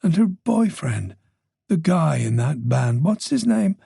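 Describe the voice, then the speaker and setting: A man's voice: on the high side, big pitch swings, takes it slowly, creaky, dark tone, breathy edge, no room sound, clean studio sound, voice pushed up, heavily acted. Man voicing a gossipy Dublin-born older woman. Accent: faint Dublin Irish. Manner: gossipy, nosy, playful.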